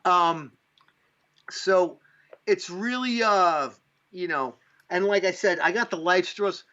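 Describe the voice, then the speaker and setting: A man from upstate New York rambles through a casual podcast chat, dropping fillers and the odd swear word. His voice sits a bit high for a man. The recording sounds dull and lo-fi. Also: takes it slowly, pushed and bright. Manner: rambling, profane, lots of fillers. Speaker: podcast host.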